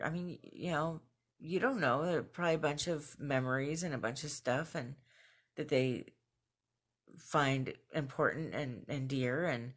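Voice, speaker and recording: A young woman chatting casually in a home video journal, laughing between phrases and getting animated when she quotes herself. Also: low voice. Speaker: vlogger. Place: at home with her cat nearby.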